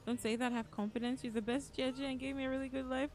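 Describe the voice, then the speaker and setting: A woman's voice: sits high, fairly even intonation, very fast, few pauses, a little mellow. A woman streaming a video game live, talking emotionally and repeating pleading phrases as she plays. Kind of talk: live gaming stream chat. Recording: game music playing behind.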